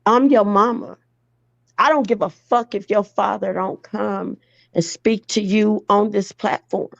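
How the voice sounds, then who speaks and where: A woman's voice: medium pitch, steady tone, measured pace, gravelly, dry recording, muffled recording. A woman speaking as a mother to her grown daughter, blunt and profane, pleading and scolding by turns. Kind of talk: emotional direct address.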